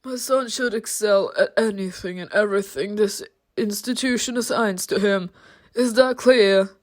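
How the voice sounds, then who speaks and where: A woman's voice: mid-range voice, normal speed, natural voice. A woman doing a stern, commanding angel father. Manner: cold, commanding.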